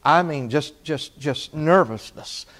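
A man preaching, telling a personal story with feeling, rising loud and falling hushed. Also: fairly high pitch, takes it slowly. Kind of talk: sermon testimony.

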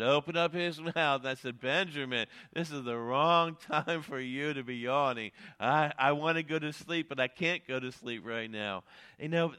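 A man's voice: mid-range voice, fairly bright tone, clear, resonant tone. A middle-aged man preaching a sermon as a pastor, earnest, with frequent hesitations and sudden emphatic rises.

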